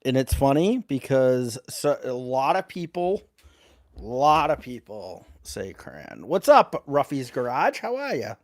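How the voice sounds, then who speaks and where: New male live-streamer, gravelly, slow and chatty, greets viewers, dry close sound. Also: mid-range voice, big pitch swings, no echo. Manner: reads letters aloud while greeting chat viewers. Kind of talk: casual live-stream chat.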